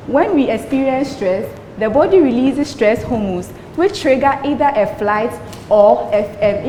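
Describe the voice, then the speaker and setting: A woman's voice: fairly high pitch, darkish tone. A young woman presenting as a student on stage, with an earnest, recited delivery. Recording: echoey hall with background noise.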